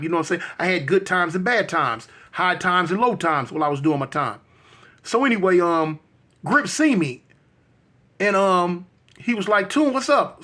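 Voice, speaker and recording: Man, casual storyteller, slangy and conversational, high voice, bright tone. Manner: slangy, conversational, frequent "you know what I'm saying".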